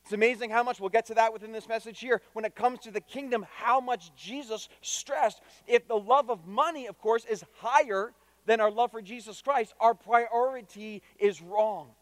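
A man's voice: extremely high pitch, normal speed, few pauses, no room sound, in a large hall. A man preaching a sermon to his congregation, emphatic, repeating key phrases and putting direct questions to his listeners. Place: church.

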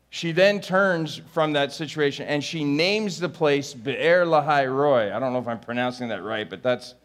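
A man preaching a sermon, rising to near-shouted pleas and dropping to a low, quiet voice. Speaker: pastor.

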